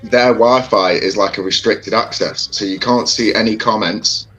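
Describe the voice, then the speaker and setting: A man with a low voice chats loosely on a livestream. He rambles through his news with fillers and pauses. He greets viewers by name in an easy, chatty way. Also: fairly even intonation, music in the background, low-quality recording. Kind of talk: casual chat.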